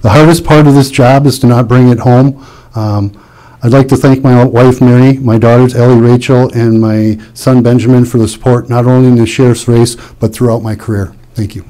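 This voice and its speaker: A man's voice: medium pitch, fairly even intonation, moderate pace, dark tone, low-quality recording. A middle-aged man running for sheriff, giving a sincere, reflective closing statement. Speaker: sheriff candidate. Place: public meeting hall.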